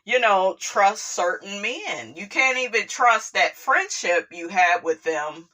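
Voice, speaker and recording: A woman's voice: medium pitch, lively intonation, slow pace, bright, forceful tone. A woman hosting a casual gossip commentary show. She is chatty and leans on fillers like "you know" and "like I said" while she reads news items aloud and weighs in on them. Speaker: commentary channel host.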